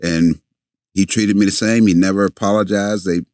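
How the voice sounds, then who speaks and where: Older man, deep voice, halting storyteller, dry close sound. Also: steady tone, a little mellow, no room sound. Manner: halting, many fillers and restarts. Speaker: guest. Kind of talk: storytelling in a podcast interview.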